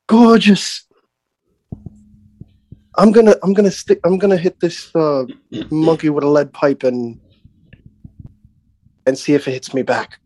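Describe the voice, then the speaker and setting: A man putting on an exuberant, reckless Australian wildlife TV host with an Australian accent, loud and gushing. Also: fairly high pitch, steady tone, takes it slowly, pauses often. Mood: thrilled.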